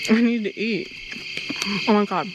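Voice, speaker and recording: A young woman films herself camping alone in the woods at night, speaking in a nervous, jittery way and laughing at her own fear. The phone recording is taken outdoors, and loud crickets, frogs and insects are heard behind her. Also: mid-range voice, slow pace, heavy background noise. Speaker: solo camper filming herself. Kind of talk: casual vlog.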